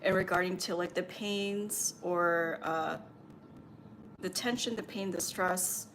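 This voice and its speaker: A woman with a fairly low voice gives channeled spiritual guidance on a livestream. She rambles gently, stacks up ums and likes, and keeps a soothing, reassuring tone. Faint noise hums behind her. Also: fairly even intonation, slow. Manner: meandering, filler-heavy, reassuring. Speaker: spiritual medium and Reiki healer.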